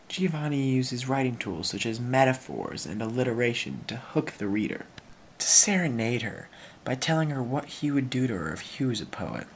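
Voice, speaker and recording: A man's voice: mid-range voice, a little hiss or hum. A young man giving a casual, playful analysis of a poem, with mock-dramatic asides.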